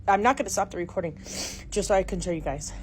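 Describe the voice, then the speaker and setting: A middle-aged mother filming inside her house, talking to viewers, swinging between hushed whispers and panicked exclamations. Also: mid-range voice, quick pace. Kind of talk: frightened handheld home video narration. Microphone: handheld phone camera. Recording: noisy phone recording.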